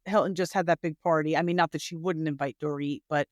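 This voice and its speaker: A woman's voice: deep voice, steady tone, no echo, studio quality. Conversational woman co-host. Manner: conversational, quick asides and agreeing fillers. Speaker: podcast co-host. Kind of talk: casual chat about a reality show.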